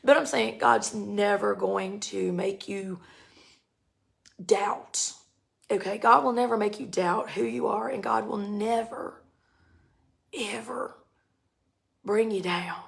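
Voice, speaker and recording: A woman in her forties giving a casual spiritual talk in a slangy, animated way, often laughing. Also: medium pitch, takes it slowly, creaky, long pauses. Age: 40s. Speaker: spiritual speaker.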